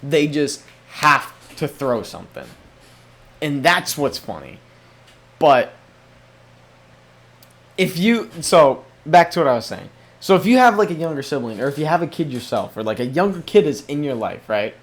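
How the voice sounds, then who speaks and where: A man's voice: on the high side, very animated, normal speed. A young man hosting a solo podcast, rambling casually with lots of swearing and restarts. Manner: profane, rambling, many restarts. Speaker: podcast host.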